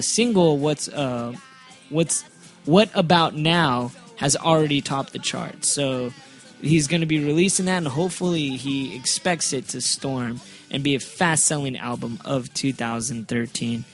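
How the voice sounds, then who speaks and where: A man's voice: medium pitch, measured pace, faint music behind. A man hosting a casual podcast, rambling through his stories with enthusiasm and plenty of stumbles. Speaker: podcast host. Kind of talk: casual chat.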